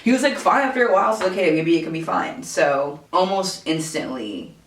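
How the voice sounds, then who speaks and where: Animated young woman telling a story, roomy. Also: on the low side, fairly quick, slight background noise. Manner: animated, profane, filler-heavy storytelling. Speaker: vlogger. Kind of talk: casual storytime. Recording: roomy, distant camera audio.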